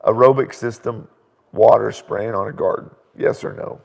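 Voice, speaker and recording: Gravelly-voiced man chatting in a reverberant room. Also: on the low side, moderate pace. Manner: animated, laughing storyteller. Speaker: host. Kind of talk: casual live Q&A chat.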